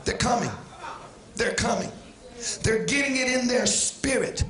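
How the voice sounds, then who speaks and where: A man preaching a sermon with passion, swinging from shouts down to quiet asides. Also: very high-pitched, unhurried, long pauses, echoey room. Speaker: pastor. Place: church sanctuary.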